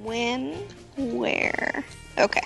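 A woman's voice: a little high, steady tone, extremely slow, creaky, music in the background. A woman playing as a contestant in a podcast quiz, hesitant and stumbling into her answers. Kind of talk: casual podcast banter.

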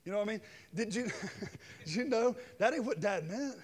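Middle-aged male preacher, high-pitched, shifting between loud preaching and quiet jokes, with reverb from the church hall. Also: expressive, moderate pace, husky. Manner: swings from shouted preaching to quiet joking asides. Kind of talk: sermon with personal stories. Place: church sanctuary with long reverb.

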